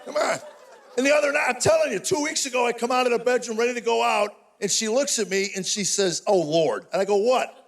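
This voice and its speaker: High-voiced older man doing stand-up. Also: steady tone, creaky, fairly bright tone, some chatter behind. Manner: rapid-fire storytelling, exasperated punchlines. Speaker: stand-up comedian. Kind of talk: live stand-up comedy. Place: stage before a live audience.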